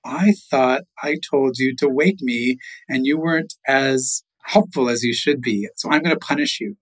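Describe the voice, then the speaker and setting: A man's voice: mid-range voice, moderate pace, close to an everyday voice, poor audio. Storybook trickster spirit, male, tired and grumpy, weary delivery, voiced by a man telling the tale. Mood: scolding.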